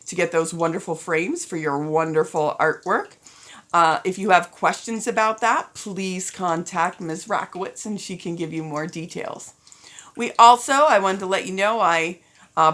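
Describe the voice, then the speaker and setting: A woman school principal giving end-of-year announcements, upbeat and encouraging, getting a little teary as she talks to students and parents. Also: medium pitch. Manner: upbeat, addresses students as ladies and gentlemen.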